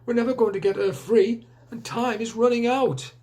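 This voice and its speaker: A man's voice: very high voice, steady tone, normal speed, darkish tone, voice pushed up. A man doing an eager puzzled young boy. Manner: eager, questioning.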